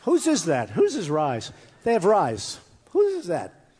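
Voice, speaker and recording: A man with a slightly high, darkish, husky voice swoops wildly in pitch and talks a little slowly. As a candidate at a campaign event in a large hall full of people, he gives a rambling, boastful speech and repeats himself often. Long hall reverb is heard.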